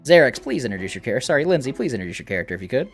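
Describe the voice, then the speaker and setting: A man's voice: medium pitch, big pitch swings, very fast, faint music behind. A man running a tabletop game as game master, narrating in a casual, hesitant way full of fillers.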